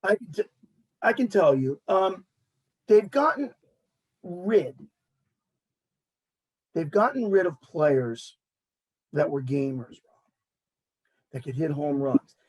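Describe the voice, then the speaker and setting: A man, hosting a casual sports talk show and ranting in an animated way while mocking others' words. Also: fairly high pitch, takes it slowly, long pauses, breathy edge, rough recording.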